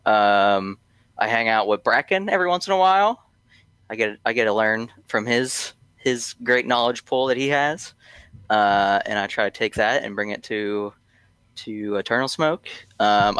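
A man's voice: on the low side, unhurried, pushed and bright, clean tone, no room sound. A man guesting on a podcast, talking casually and hesitantly with many ums and restarts. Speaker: guest from a tobacco brand.

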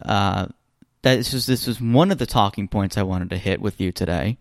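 An American man co-hosting a casual chat podcast, talking in an animated, rambling way with many restarts. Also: on the low side, normal speed, no echo, clean studio sound. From United States. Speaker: podcast co-host.

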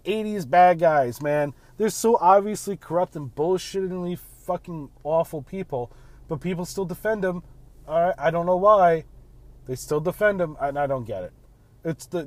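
A man talks from behind the wheel in a loose, blunt monologue full of swearing. His voice sits a little high. The sound is close and dry. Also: normal speed, a little mellow, no room sound. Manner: blunt, profane, ranting, keeps saying "man". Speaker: podcast host. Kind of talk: casual monologue while driving. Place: in a car.

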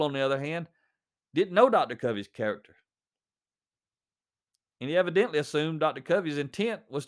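A man reading a story aloud, then commenting on it conversationally with fillers. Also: on the high side. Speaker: reader and commentator.

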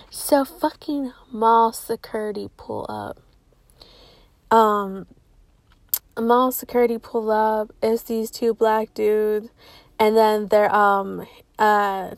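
A woman's voice: on the high side, no echo. A young woman telling a personal story in a casual, blunt and profane way, full of "like" and fillers. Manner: profane, filler-heavy talk with constant "like"; blunt and outspoken.

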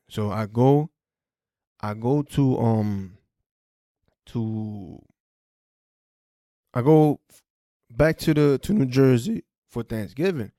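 A man hosting a podcast, telling a personal story in a casual, profane, animated way and re-enacting conversations. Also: medium pitch, dry recording, clean studio sound. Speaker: podcast host.

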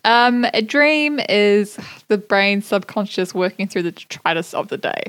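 A woman's voice: medium pitch, animated, a little slow, fairly bright tone, clear, resonant tone, no room sound. Woman, podcast co-host, playful and giggly, very dry close recording. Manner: playful, laughs often. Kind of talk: casual chat.

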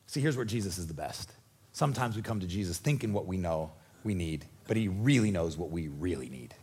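Husky-voiced, animated preacher man. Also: sits low, fairly quick. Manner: animated, conversational preaching with jokes and acted-out voices. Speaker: pastor. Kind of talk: sermon. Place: church.

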